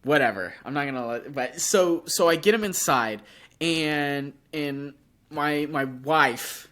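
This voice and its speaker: A young man, sick with a sore throat, co-hosting a podcast and telling an animated story in casual chat, acting out his own reactions. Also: a little high, slow. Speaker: podcast co-host.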